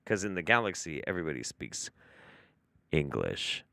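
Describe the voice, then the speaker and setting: A man's voice: extremely low pitch, big pitch swings, moderate pace, gravelly, bright, forceful tone, no room sound. A man hosting a live stream, reacting to a video with sarcastic, profane, mocking commentary.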